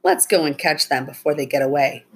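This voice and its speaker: An eager young boy in a storybook, pressing to hurry, as a woman reads him. The voice stays low and husky. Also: fairly quick. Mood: urgent.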